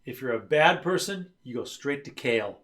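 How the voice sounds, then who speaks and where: A man's voice: medium pitch, animated, normal speed, a bit bright, a little hiss or hum. A man co-hosting a livestream as the father, making dry puns and explaining things at length. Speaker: father co-host. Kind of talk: casual chat.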